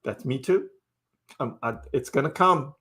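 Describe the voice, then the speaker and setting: A man's voice: medium pitch, lively intonation, a little slow, fairly bright tone, husky. Laid-back man hosting a crypto live stream. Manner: chatty and laid-back, laughs often, talks to chat by name. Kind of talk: casual live stream chat, reading viewer comments.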